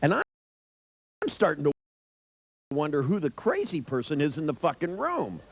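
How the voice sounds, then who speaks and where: A man's voice: a little high, wildly swooping pitch, normal speed, dry recording, poor audio. A middle-aged man telling an anecdote in a wry, irreverent way, swearing freely. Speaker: storyteller. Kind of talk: profane anecdotal storytelling.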